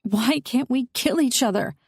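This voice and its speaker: A woman's voice: medium pitch, slow, mellow, no echo, clean studio sound. A woman voicing a young mafia princess in an audiobook, speaking in raised, emotional bursts. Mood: distraught. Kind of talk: audiobook character voice.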